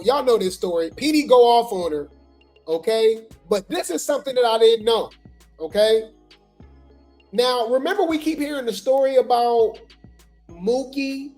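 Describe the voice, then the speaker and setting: A woman's voice: on the high side, mellow. A woman hosting a casual gossip commentary livestream, talking straight to her viewers. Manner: chatty, talks straight to the viewers. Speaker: host of a gossip commentary show.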